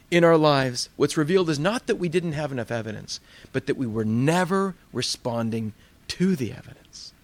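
A man preaching a sermon in a relaxed, conversational way, telling stories to make his point. His voice sits a little high for a man. The sound is dry and close, with little room echo. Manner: conversational, plainspoken storytelling. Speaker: pastor.

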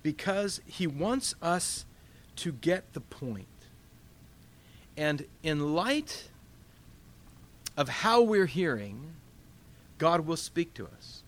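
Man, pastor type, leading a casual Bible study. Lively delivery with a voice a touch high, asks questions, acts out inner dialogue. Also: very slow, long pauses. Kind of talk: conversational Bible teaching.

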